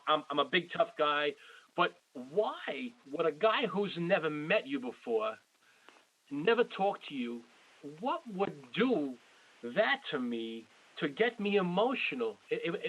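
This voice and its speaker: A man's voice: a little high, a bit bright, dull audio. A man in his forties hosting an interview, effusive and rambling, often repeating himself. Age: 40s. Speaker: podcast host. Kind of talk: casual interview.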